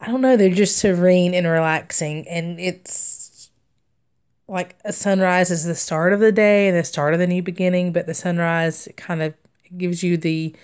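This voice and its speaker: A woman's voice: on the low side, fairly even intonation, normal speed, darkish tone, smooth. A young adult woman hosting a craft livestream, chatting casually and rambling through stories with frequent laughter and fillers. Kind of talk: casual storytelling chat while stitching.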